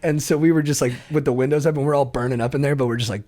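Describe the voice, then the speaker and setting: Guest storyteller, young man, lively and animated, laughs mid-story, casual podcast. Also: mid-range voice, very fast. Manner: animated, acts out quotes, laughs through his stories. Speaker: comedian guest.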